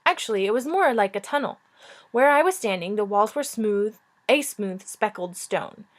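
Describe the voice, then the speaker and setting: A woman's voice: medium pitch, expressive, moderate pace. A woman teacher reading a chapter book aloud, informal and chatty, stopping to joke and comment. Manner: informal, joking, breaks off to chat.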